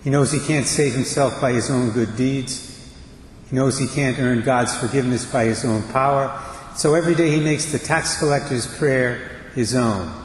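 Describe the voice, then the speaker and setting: A man preaching a homily as a priest, measured and deliberate, pausing between phrases and reading a litany prayer slowly. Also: mid-range voice, slight background noise. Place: church. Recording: echoey church with long reverb.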